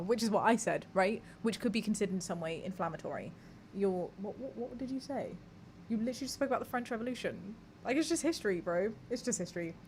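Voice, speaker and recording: A woman's voice: mid-range voice, fast, a little mellow, slight background noise. A young woman hosting a live podcast, chatting candidly with her audience, reading messages aloud and swearing casually. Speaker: podcast host. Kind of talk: casual live-stream chat.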